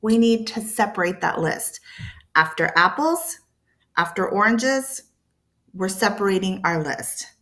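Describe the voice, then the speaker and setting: Bright, lively woman teaching English. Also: mid-range voice, measured pace. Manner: lively, playful emphasis with sound words; patient, repeats key points. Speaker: English teacher for ESL learners. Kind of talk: explaining lesson to camera.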